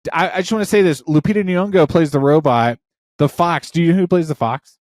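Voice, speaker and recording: A man in his thirties co-hosts a podcast, rambling excitedly and swearing freely as he talks films. The sound is dry and close to the mic, with no room around him. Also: fairly high pitch, fairly quick, no echo. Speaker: podcast co-host. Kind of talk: casual chat.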